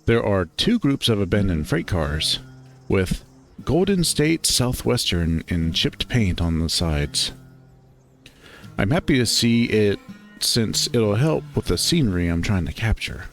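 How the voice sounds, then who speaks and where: A man reading a visual novel aloud in unhurried, expressive first-person narration. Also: on the low side, soft background music.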